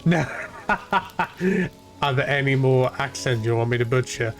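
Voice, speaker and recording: A man's voice: mid-range voice, lively intonation, measured pace, soft background music. Chatty man streaming a game. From half Irish, half English. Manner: rambling, chatty, swears casually. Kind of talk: live gameplay commentary.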